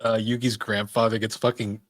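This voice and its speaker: A man's voice: fairly low pitch, flat delivery, a little fast, a bit bright, dry recording, studio quality. A man guesting on a podcast in casual chat, laughing at his own stories and swearing casually.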